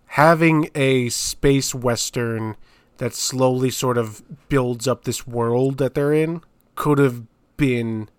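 A man co-hosting a podcast, discussing a movie in casual chat with deadpan, dry jokes. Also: medium pitch, slow pace, clear, resonant tone, no echo. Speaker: podcast co-host.

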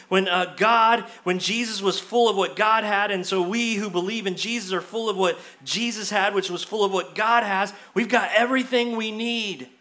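High, bright-voiced preaching pastor. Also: male voice. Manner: animated preaching, acts out quoted excuses in a higher voice. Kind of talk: sermon. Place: church sanctuary.

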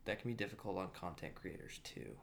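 A woman's voice: a bass voice, fairly quick, vocal fry, a little hiss or hum. A woman guest on a podcast in casual chat, telling stories earnestly. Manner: earnest storytelling.

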